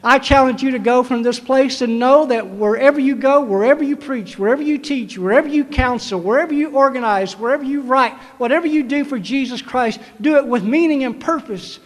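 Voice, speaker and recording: A man's voice: extremely high pitch, brisk, few pauses. A man preaching a graduation sermon, urging the class with emphatic repetition. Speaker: commencement preacher. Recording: long hall reverb.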